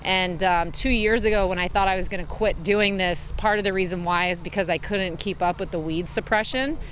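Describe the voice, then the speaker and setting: A woman's voice: on the low side, steady tone, fairly quick, fairly bright tone, a little hiss or hum. A woman farm owner interviewed outdoors, explaining her methods at length with frequent fillers. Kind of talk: news interview.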